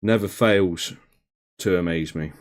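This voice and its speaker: A man with a slightly low voice talks casually on a live stream. He answers viewers by name, calls them mate and drops the odd swear. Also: a little slow. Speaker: streamer reading chat. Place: home hobby room.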